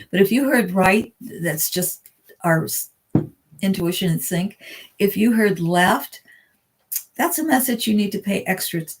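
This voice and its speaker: A woman hosting a live spiritual talk, calmly reading out channeled messages and greeting viewers. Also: medium pitch. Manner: calm, earnest, reads messages aloud slowly.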